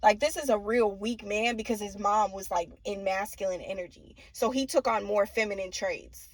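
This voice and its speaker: A woman's voice: medium pitch, moderate pace, no room sound. A young woman giving a casual tarot reading, blunt and profane, often laughing and mimicking people. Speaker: tarot reader.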